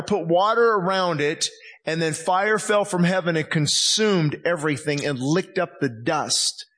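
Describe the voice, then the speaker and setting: A man's voice: high voice, fairly bright tone. A man preaching a sermon as pastor, impassioned, acting out the voices he quotes.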